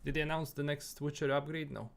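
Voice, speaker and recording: Young male gaming streamer, from Bosnia, accent a blend of British and American with a Bosnian edge; loose, rambling chat to viewers, voice sits a bit high. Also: flat delivery, fast talker, vocal fry, a bit bright. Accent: Bosnian-tinged English mixed with British and American sounds. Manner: easygoing, rambling, many fillers and repeats. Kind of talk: casual livestream chat answering viewers.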